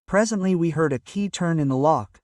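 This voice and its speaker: A male storyteller reads a period detective tale with even, measured delivery. His voice sits slightly high and comes from a step away from the microphone, in a dry room with no echo. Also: recorded from a distance. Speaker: narrator. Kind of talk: scripted audiobook narration.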